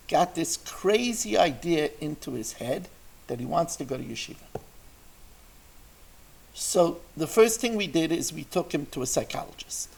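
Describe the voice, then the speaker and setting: Gravelly, husky rabbi telling a story. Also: male voice, a little high, rough recording. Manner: animated storyteller acting out quoted voices. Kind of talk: storytelling Torah class.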